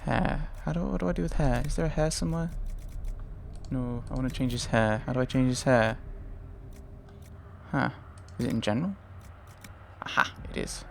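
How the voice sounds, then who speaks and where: A man's voice: mid-range voice, moderate pace, creaky, long pauses, a little hiss or hum. A man hosting a let's play, thinking aloud in casual gameplay commentary, hesitant and often trailing off.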